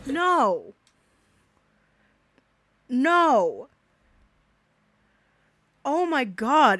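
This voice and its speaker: A woman's voice: mid-range voice, expressive, unhurried, no room sound. A woman giving a profane reaction commentary, ranting angrily and swearing heavily. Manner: angry, ranting, heavy swearing.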